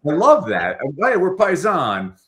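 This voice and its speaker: A man's voice: on the high side, unhurried. A middle-aged man, a storytelling coach, talking as a guest on a podcast and acting out quoted lines in different voices. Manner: animated, acts out quotes in voices. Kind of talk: lively podcast conversation.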